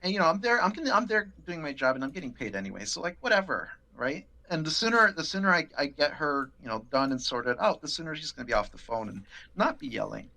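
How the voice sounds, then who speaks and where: Gravelly man telling a lively story. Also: fairly high pitch, quick pace, few pauses. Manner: animated, swearing, acts out quotes. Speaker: podcast guest. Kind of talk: casual storytelling.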